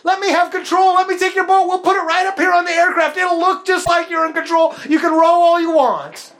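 A preacher doing a hearty male sea captain, calling out in a jovial, shouting hail. The voice jumps up high and loud. It has a playful pirate-style swagger. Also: steady tone, fairly quick. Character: hearty booming male ship captain speaking for God.

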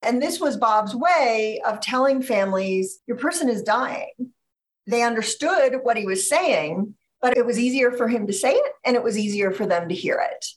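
A woman author being interviewed on a podcast, speaking in a measured, thoughtful way and slowing down to stress ideas. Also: a little high, expressive.

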